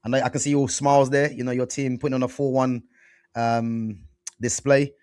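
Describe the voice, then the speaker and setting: A man hosting a casual football chat show, animated and slangy, full of fillers and restarts. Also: mid-range voice, normal speed, clear, resonant tone, no room sound. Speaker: football podcast host.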